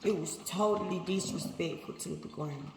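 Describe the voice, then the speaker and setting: A woman's voice: on the low side, moderate pace, creaky, noisy background. A woman preacher delivering a sermon, emphatic and repetitive, talking straight to her listeners. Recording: echoey hall, faint ambience.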